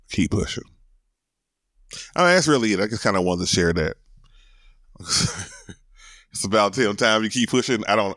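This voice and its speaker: A man's voice: fairly low pitch, a bit bright, dry recording, clean studio sound. A middle-aged man hosting his own solo podcast, talking candidly and emotionally, cursing casually and repeating words as he builds his point. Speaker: podcast host.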